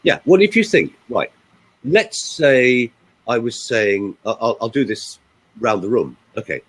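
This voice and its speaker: A man's voice: medium pitch, husky, low-quality recording. A man coaching on voice use in an emphatic, demonstrative way, speaking on a group call. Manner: emphatic, animated, demonstrating pauses.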